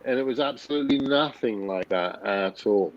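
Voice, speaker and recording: A man's voice: medium pitch, moderate pace, lo-fi sound, a little hiss or hum. A man in his fifties, a guest telling a personal story in a blunt, candid way, swearing freely and often restarting his sentences. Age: 50s.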